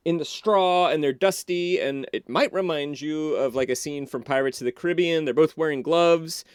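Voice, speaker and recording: Guy on a podcast retelling a movie, smooth voice, dry sound, lots of "like" and restarts. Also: a little high, moderate pace, no room sound. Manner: animated, loose, full of "like" and restarts. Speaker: podcast guest. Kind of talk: casual storytelling, retelling a film.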